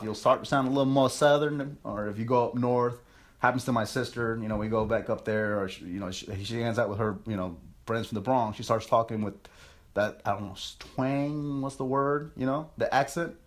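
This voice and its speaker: A man's voice: mid-range voice, steady tone, fairly quick. Profane, rambling young man telling stories. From United States. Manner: profane, rambling and self-mocking. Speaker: podcast host. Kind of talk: casual storytelling monologue.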